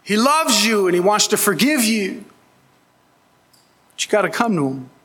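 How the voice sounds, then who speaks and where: A man's voice: high-pitched, big pitch swings, moderate pace, a bit bright, breathy edge. A man preaching a sermon as pastor, earnest and emphatic, pleading with his listeners. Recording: long hall reverb.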